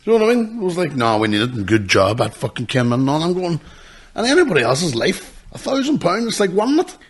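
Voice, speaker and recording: A man's voice: on the high side, brisk, slightly rough. A man, teasing his co-host in a casual podcast chat. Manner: teasing, excitable.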